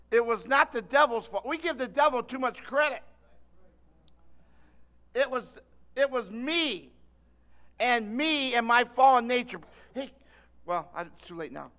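Older man, preacher, very high voice, bright and forceful, animated sermon storytelling. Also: normal speed. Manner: animated storytelling, calls on listeners by name.

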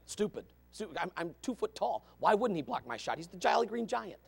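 A male pastor preaching a fiery sermon, swinging from shouts to low asides. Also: very animated, a little fast, vocal fry, husky.

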